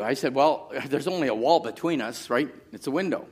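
A middle-aged male pastor delivers a sermon in a medium-pitched, brisk voice. He moves from quiet storytelling up to shouted exhortation.

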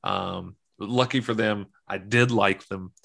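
A man's voice: lowish voice, fairly even intonation, slow pace, creaky, fairly bright tone. A young man co-hosting a casual podcast, joking around and slipping into mock-serious asides. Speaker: podcast co-host. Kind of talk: casual chat.

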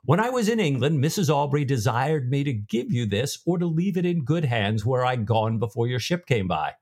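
A man's voice: medium pitch, sing-song, moderate pace, darkish tone. A man voicing a young male messenger who speaks politely with a slight tremble, while reading a novel aloud. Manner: polite, tremulous.

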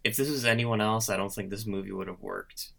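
Easygoing male podcast co-host with a gravelly, bright, lowish voice. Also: fairly even intonation, a little fast. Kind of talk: casual chat.

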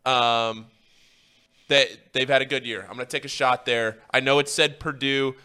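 A man co-hosting a sports talk show, giving quick, opinionated analysis. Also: mid-range voice, steady tone, sharp tone, smooth.

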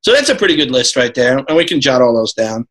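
Bright-voiced rambling man on a podcast. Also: medium pitch, very animated, quick pace, poor audio. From New York. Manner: rambling, filler-heavy, laughing asides. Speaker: podcast guest. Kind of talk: casual podcast chat.

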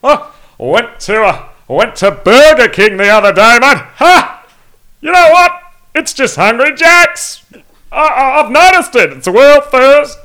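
A man voicing an obnoxious, dim-witted Australian bloke with a loud, high-pitched, crude drawl. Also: very animated, measured pace, clear, resonant tone, exaggerated voice. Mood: boastful.

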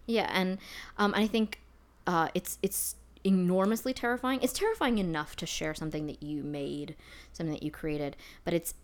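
A woman's voice: lowish voice, normal speed. A woman co-hosting a podcast in casual chat, chatty and self-deprecating, laughing often. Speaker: podcast co-host.

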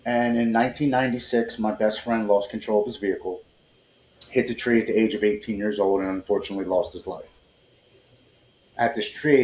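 A man in his forties recounts a personal story earnestly, with feeling, often stumbling over repeated words as he begins. His voice sits fairly low, and the room around him rings with echo over a faint hum. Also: darkish tone. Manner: earnest, emotional, repeats words when starting sentences. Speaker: podcast guest. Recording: roomy echo.

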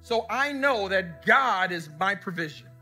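A male pastor with a high, bright voice delivers a sermon in church, moving between easy storytelling and questions thrown back at the congregation. Soft music sits faintly behind him. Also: lively intonation, unhurried. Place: church service before a congregation.

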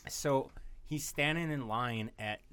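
A man's voice: mid-range voice, takes it slowly, fairly bright tone, clean tone. A man co-hosting a podcast, telling a rambling story in casual, profane chat. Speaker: podcast co-host.

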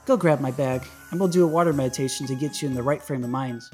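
Man reading as a calm older sister, measured, instructive, soft-spoken. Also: mid-range voice, faint music behind, close to an everyday voice.

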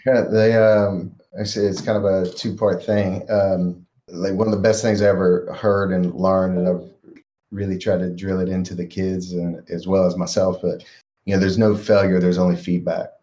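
A man appears as a life coach guest on a podcast, speaking earnestly about raising his kids in a casual interview. His voice is low and flat at a moderate pace, reflective, with soft-spoken asides.

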